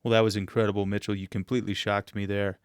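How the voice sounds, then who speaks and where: A man's voice: fairly low pitch, flat delivery, fast, smooth, dry recording, clean studio sound. A man hosting a podcast interview in a playful, mock-formal manner. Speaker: podcast host.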